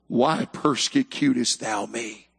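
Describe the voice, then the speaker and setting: A man voicing the Lord speaking from heaven, slow and solemn, in a sermon. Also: creaky, fairly bright tone, breathy edge, studio quality, exaggerated voice. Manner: slow, deep, archaic pronouncement. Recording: echoey hall.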